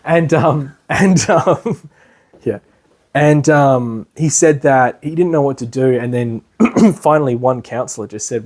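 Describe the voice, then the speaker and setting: This meditation class teacher, a young man, has a mid-range, somewhat dark voice and a measured pace. He lectures casually and rambles, with frequent "you know," asides, and laughs.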